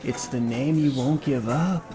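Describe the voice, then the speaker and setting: A man co-hosting a podcast, playing a soothing, overly gentle counselor in an improv comedy sketch. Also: mid-range voice, unhurried, slight background noise. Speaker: podcast co-host.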